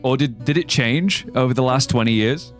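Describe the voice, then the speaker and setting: Faint music plays as a man streams a game, chatting with his viewers in a loose, joking, rambling way and laughing frequently. His voice is medium in pitch and normal in speed.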